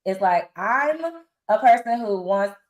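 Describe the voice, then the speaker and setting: A woman's voice: mid-range voice, unhurried. Woman in her forties, blunt and informal, slangy storytelling, echoey room. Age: 40s. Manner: animated, acts out others' lines in quotes. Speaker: reality show cast member, guest. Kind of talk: candid interview storytelling.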